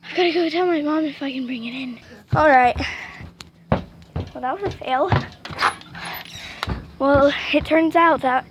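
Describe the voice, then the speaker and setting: A woman vlogging outdoors near a barn, talking in excited exclamations and hushed asides. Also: high voice, a little slow, long pauses, dull audio, background noise. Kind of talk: casual vlog narration.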